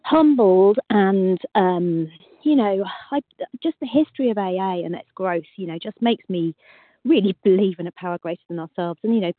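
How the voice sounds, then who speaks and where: A woman's voice: mid-range voice, breathy edge, dry recording. A woman in her forties with an English accent sharing at a recovery meeting over a video call, reflective and hesitant with many "um"s. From England, UK. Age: 40s. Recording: dry tinny phone-like line.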